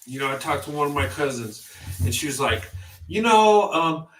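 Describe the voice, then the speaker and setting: A man's voice: mid-range voice, steady tone, fairly quick, pushed and bright. Earnest man in his fifties, roomy. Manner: earnest and emphatic, building with repetition. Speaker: vlogger. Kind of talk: heartfelt vlog monologue.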